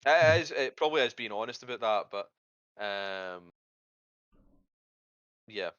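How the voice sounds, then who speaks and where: Brief: male game master, mid-pitched, casual and hesitant, dull dry lo-fi sound. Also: lively intonation, measured pace, a bit bright, clear, resonant tone, no room sound. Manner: rambling, hesitant, swears casually. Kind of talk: narrating a tabletop game.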